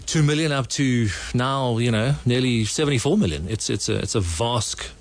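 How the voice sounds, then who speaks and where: A man in his thirties with a gravelly, fry-tinged voice, speaking as a guest on a radio show. He answers in a relaxed, confident way. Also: medium pitch, normal speed. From South Africa. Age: 30s. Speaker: auctioneer guest.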